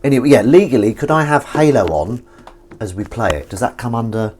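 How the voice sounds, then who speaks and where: A man's voice: medium pitch, animated, fairly quick, a little mellow, slight background noise. A man streaming live while washing up at home, chatting casually and rambling as he reads viewer comments aloud and swears now and then. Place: home kitchen, washing up at the sink.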